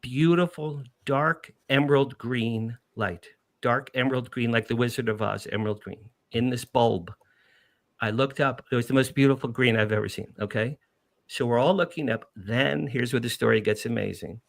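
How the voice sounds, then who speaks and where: Middle-aged guest from New Jersey; gravelly, dry-sounding, emphatic storyteller who repeats for effect. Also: male voice, mid-range voice, moderate pace, no echo. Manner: animated, repetitive, emphatic. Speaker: podcast guest. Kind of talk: emotional first-person storytelling.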